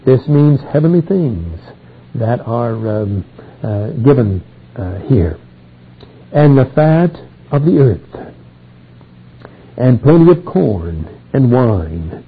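Husky guy teaching bible verses, reads a verse then explains it, sounds like an old tinny tape. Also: medium pitch, sing-song, slow pace, long pauses. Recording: tinny phone-like old recording.

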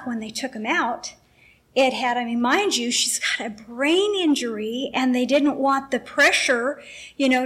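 A woman's voice: fairly high pitch, fairly bright tone, breathy edge. A middle-aged woman sharing an emotional, rambling personal testimony with a faith group, acting out the dialogue as she tells it.

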